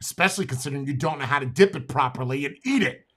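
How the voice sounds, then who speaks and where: An American man streaming, reacting to a clip with profane, mocking rants that flare into shouting. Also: mid-range voice, rapid-fire, slightly rough. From United States. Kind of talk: heated reaction commentary.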